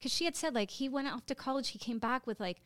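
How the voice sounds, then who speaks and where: Chatty woman podcast host, clear voice. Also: high-pitched, fast, fairly bright tone, no room sound. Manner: emotional, rambling with many fillers. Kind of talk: casual storytelling chat.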